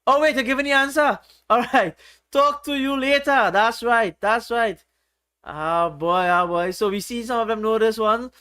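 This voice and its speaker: A man's voice: very high voice, moderate pace, bright, forceful tone. A man hosting a casual livestream, reading viewers' chat aloud in a playful, teasing way. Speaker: livestream host.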